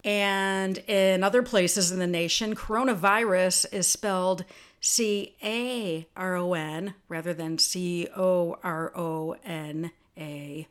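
A woman's voice: fairly low pitch, steady tone, slow, clean tone. A woman hosting her own podcast in a casual solo monologue, chatty and spelling words out letter by letter. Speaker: podcast host.

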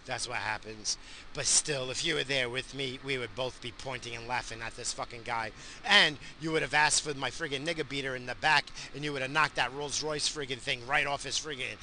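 Crude ranting man with a sharp voice. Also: medium pitch, slight background noise. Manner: crude, ranting, yells at other drivers. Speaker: vlogger. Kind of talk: casual profane rant. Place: inside a car.

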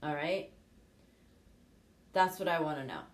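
A woman's voice: low-pitched, expressive, unhurried. A middle-aged woman coach and show host, talking frankly and casually, with the odd swear word. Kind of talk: casual motivational talk. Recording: echoey room.

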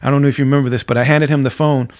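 A man's voice: medium pitch, little pitch movement, rapid-fire. A man hosting a podcast interview, telling stories in a casual way, full of "you know" and restarts. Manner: storytelling, many fillers like "you know". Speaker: podcast host.

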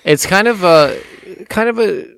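A man's voice: sits high, animated, unhurried, vocal fry, a bit bright, clear, resonant tone, no room sound. A man co-hosting a casual chat, chiming in with jokes and quips. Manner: joking, chimes in with quips. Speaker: podcast co-host.

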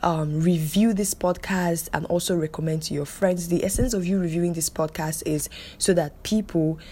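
A woman's voice: lowish voice, steady tone, normal speed, dark tone, husky. Emphatic woman podcast host. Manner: emphatic, scolding, repeats phrases for stress. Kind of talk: solo podcast monologue.

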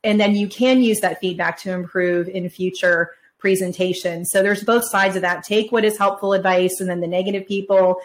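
A chatty woman hosts a casual panel discussion, her words tumbling out quickly. Her voice sits in an ordinary middle pitch and stays conversational, and the sound is the plain audio of a remote call. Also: steady tone, poor audio. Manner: fast-talking, chatty, conversational. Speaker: panel moderator.

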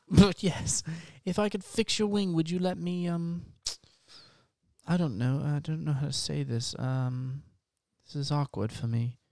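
A performer plays a tiny, polite, shy little hero in an improvised comedy scene, stumbling through every request with halting apologies. The voice sits mid-pitch, dry and close, with no room around it. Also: a little mellow, no echo, close to an everyday voice. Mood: hesitant.

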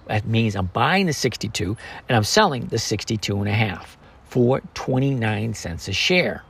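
A man's voice: medium pitch, husky. A man hosting a podcast, chatting casually and joking as he walks through the numbers of a trade. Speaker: podcast host. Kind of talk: casual trading talk.

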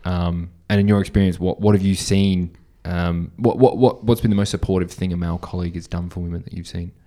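An Australian man with a low voice hosting a podcast chat. He circles his questions, restarting often before landing on the point. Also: steady tone, fast talker, mellow. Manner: hesitant, many fillers and restarts. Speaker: podcast host. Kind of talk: casual chat.

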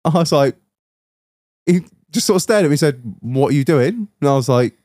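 A young man tells a story in casual podcast chat, swearing freely and laughing as he goes. His voice sits a little high and swings widely in pitch. The recording is dry, with no room echo. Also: expressive, fairly quick, darkish tone. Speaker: podcast host.

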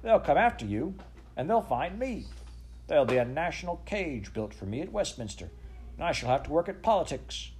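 A man's voice: fairly high pitch, sing-song, takes it slowly, hardly any pauses, darkish tone, voice pushed up. A man voicing a cross, bristling magical male creature that grumbles indignantly.

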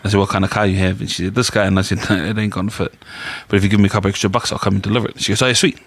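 A man's voice: on the low side, little pitch movement, very fast, breathy edge, no echo. A man, co-hosting a casual chat podcast and telling rambling stories in laid-back slang. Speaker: podcast co-host.

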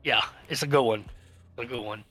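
A man's voice: mid-range voice, a little fast, bright, forceful tone. A man telling long, rambling stories in casual chat, swearing freely as he goes. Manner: profane, rambling storyteller. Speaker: podcast co-host telling stories.

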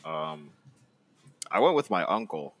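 A man's voice: very deep voice, sing-song, measured pace, fairly bright tone, slight background noise. A young man in his twenties, a podcast co-host who teases his friend and laughs a lot. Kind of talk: casual chat.

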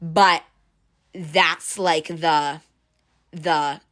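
A young woman tells a workplace story in casual chat, acting out every person's lines and leaning on "like" as she goes. Her voice sits fairly low yet has a bright, tense edge. She keeps things animated and chatty throughout. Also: very slow. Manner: animated storyteller, fills with "like", acts out quotes. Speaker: bank teller telling a story.

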